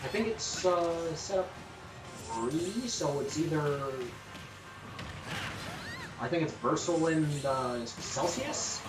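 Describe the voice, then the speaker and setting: Slow and pausing often, a slightly high male voice with a Canadian accent calls the action chattily at a campus gaming tournament, dropping plenty of ums and uhs. The mic sits at a distance, the room sounds roomy, and game music plays in the background.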